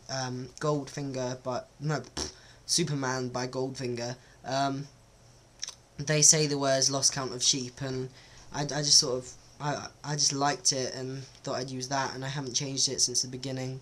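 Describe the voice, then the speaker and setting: A man's voice: medium pitch, fairly bright tone, slight background noise. A man talks casually to camera in a vlog, hesitant and self-conscious, with many ums. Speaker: vlogger. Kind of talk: casual accent-test vlog.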